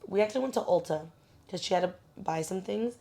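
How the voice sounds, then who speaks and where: A young woman co-hosting a podcast, talking casually in a relaxed, chatty way with lots of fillers. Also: medium pitch, quick pace, creaky. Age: young adult. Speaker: podcast co-host. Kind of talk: casual chat.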